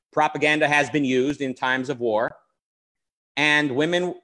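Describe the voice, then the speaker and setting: A man with a voice pitched a little above the usual, co-hosting a relaxed philosophical talk show. He thinks aloud in long, winding sentences. He often breaks off, restarts and hedges his own points. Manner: discursive, qualifies his statements, frequent restarts. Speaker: co-host. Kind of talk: casual philosophical discussion.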